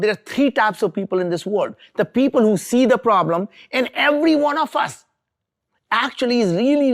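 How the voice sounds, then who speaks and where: A middle-aged man from India, giving an earnest, emphatic motivational talk as an entrepreneur. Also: very high-pitched. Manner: earnest, emphatic, repeats for stress. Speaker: entrepreneur speaker.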